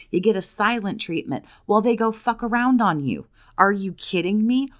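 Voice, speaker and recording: A woman speaking as a coach to abuse survivors in a direct monologue, blunt and profane, firing challenging questions at the viewer. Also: mid-range voice.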